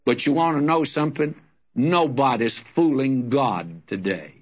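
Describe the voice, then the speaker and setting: A man's voice: medium pitch, measured pace, slightly rough. An older man giving a folksy sermon as a radio Bible teacher, calling his listeners friends and reading scripture aloud. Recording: lo-fi old radio broadcast.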